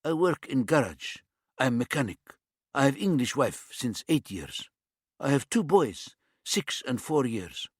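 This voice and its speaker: A man's voice: mid-range voice, very animated, unhurried, breathy edge, no room sound, studio quality, pitched above the performer's own voice. A man voicing a gaunt, tattooed Lithuanian prisoner who speaks blunt, broken English with a Lithuanian accent and a menacing edge. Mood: insistent.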